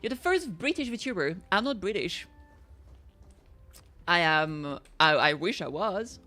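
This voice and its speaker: A woman's voice: fairly low pitch, animated, measured pace, bright, forceful tone. A woman with a French accent, chatting casually and swearing freely while she plays a game. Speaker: streamer playing a game. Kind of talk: casual gameplay commentary.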